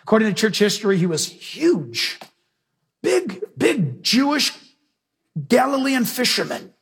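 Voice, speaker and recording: High, husky-voiced male preacher. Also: unhurried. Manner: emphatic, questions the audience, animated storytelling. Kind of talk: sermon.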